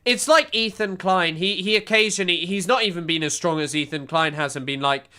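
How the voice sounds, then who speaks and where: A sarcastic male streamer reacts to a news clip in a casual, rambling way. His voice is high and bright, with a clear, crisp tone. He swears freely and breaks off into mocking asides. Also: fairly quick.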